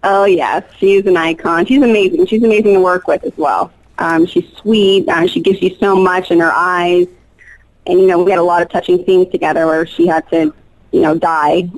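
Chatty young actress, gushing. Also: female voice, on the low side, fairly even intonation, moderate pace, low-quality recording. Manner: enthusiastic, lots of fillers and restarts. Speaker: soap opera actress, guest. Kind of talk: casual interview chat.

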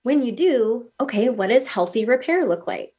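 A woman's voice: a little high, moderate pace, slightly rough. Earnest woman telling a parenting story. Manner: earnest, animated storytelling with quoted dialogue. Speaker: guest. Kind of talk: casual podcast conversation.

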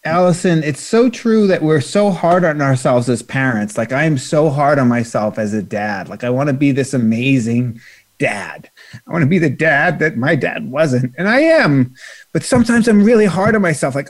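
A man leading a guided breathing exercise and talking casually about breath work, slow and soothing, with loose filler phrases, on a video call. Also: fairly high pitch, animated.

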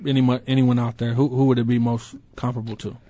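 A man's voice: mid-range voice, little pitch movement, warm tone. Easygoing male sports radio host. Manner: easygoing, joking, quick to laugh. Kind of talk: casual sports talk radio.

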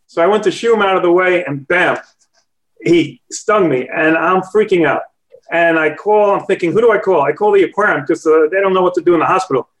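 A man's voice: high-pitched, fairly quick, fairly bright tone, low-quality recording. A man calling in to a talk show, telling a story in a rambling way and often correcting himself mid-sentence. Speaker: caller. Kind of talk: casual phone-in chat.

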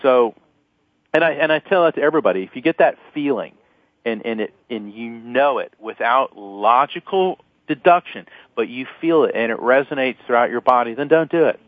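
A man's voice: medium pitch, expressive, moderate pace, dry recording. Earnest man's voice over a tinny line. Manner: earnest, anecdotal, with many fillers and restarts. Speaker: guest, attorney and author. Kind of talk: phone-in radio interview. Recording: tinny phone-line sound.

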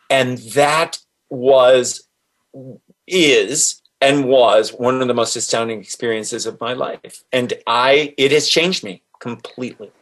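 Excited man telling his story. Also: medium pitch. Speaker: guest, author. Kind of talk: personal storytelling.

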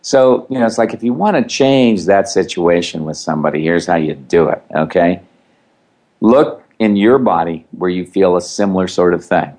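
A man's voice: deep voice, normal speed, a little mellow. A man co-hosting, giving instructive advice with wry asides in a casual chat. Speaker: co-host.

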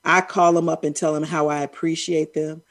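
Casting: middle-aged woman co-host, lower-pitched, animated and teasing, laughing often. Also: moderate pace. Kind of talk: casual chat.

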